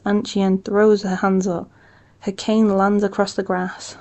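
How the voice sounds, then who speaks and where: A woman reading a novel aloud in a calm, steady storytelling manner. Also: medium pitch, a little slow. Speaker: audiobook reader.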